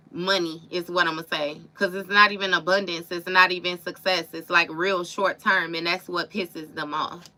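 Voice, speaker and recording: A woman's voice: on the low side, bright, forceful tone. A woman doing a live tarot reading, talking to her viewers in a casual, emphatic, slangy way. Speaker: tarot reader.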